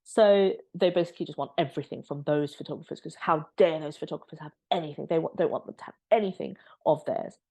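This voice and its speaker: A woman with a low voice talks straight to camera in a casual commentary vlog. Her tone is sarcastic and mocking, full of exasperated asides. She rambles with fillers as she goes. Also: quick pace, hardly any pauses, warm tone, husky. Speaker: commentary vlogger.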